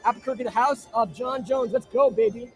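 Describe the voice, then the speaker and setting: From inside an arena, a brash, high-voiced man from New Jersey hosts a live stream, reading viewer comments and firing off crude joking shout-outs. He talks a little fast, with faint music behind him.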